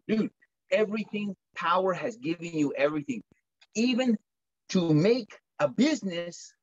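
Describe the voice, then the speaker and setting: A high, husky man's voice coming through a slightly muffled video call. He gives an energetic motivational pep talk, jumping into quick acted-out chats with customers. The sound is dull and lo-fi. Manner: animated, acts out customer chats in bursts. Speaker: solar sales trainer.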